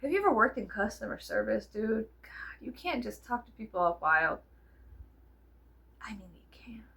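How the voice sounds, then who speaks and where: A woman talks to camera in a loose, rambling chat, laughing often and swearing freely. Her voice is bright, a little high, and full of fillers and silly quoted voices. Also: animated, moderate pace, vocal fry. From South Texas. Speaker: vlogger.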